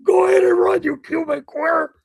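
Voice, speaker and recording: A man voicing a gruff boxing champion who mocks and curses at a friend. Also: very high-pitched, steady tone, fairly quick, no echo, studio quality, pitched above the performer's own voice, full character voice. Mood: jeering. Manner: shouting insults.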